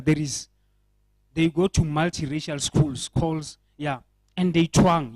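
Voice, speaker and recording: South African male panelist, earnest and questioning, slightly high pitch, dry. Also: a little mellow, no echo, rough recording. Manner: earnest, repetitive restarts, rhetorical questions. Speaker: panel speaker. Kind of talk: panel discussion remarks. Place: indoor event.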